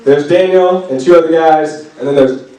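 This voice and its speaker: A man preaching to junior high kids in a relaxed, chatty way, packing his story with fillers and playful asides. His voice sits slightly high for a man. He sounds distant from the mic in a very echoey room. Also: moderate pace. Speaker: youth pastor. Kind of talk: casual youth sermon. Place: youth group meeting room.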